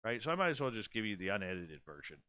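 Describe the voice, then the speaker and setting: A man's voice: on the low side, sing-song, rapid-fire, sharp tone, clear, resonant tone, no echo. A man in his forties hosting a radio show, speaking bluntly and candidly in a casual late-night monologue. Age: 40s. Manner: blunt, candid and profane, with many restarts.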